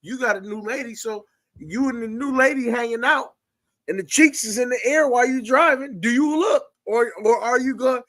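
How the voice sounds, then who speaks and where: A man hosting a casual group chat, animated and putting questions to his guests. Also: extremely high pitch, normal speed, no room sound. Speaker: podcast host.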